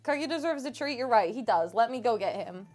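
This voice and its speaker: A woman's voice: a little high, animated, a little fast, darkish tone. Woman streamer, casual teasing chat from home on a desk mic, faint music underneath. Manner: playful, teasing, laughs often. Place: home room. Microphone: desk microphone.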